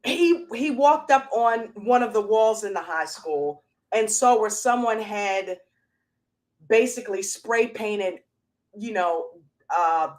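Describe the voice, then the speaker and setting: A woman's voice: a little high, lively intonation, measured pace. A woman hosting a casual motivational livestream, talking in an emphatic, chatty storytelling way. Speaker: motivational show host.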